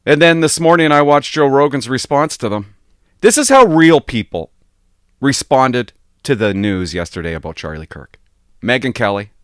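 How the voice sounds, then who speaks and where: A man doing emotional vlog commentary from his motorhome, telling his story in an animated way. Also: medium pitch, moderate pace, smooth, dry recording, clean studio sound. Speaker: online commentator.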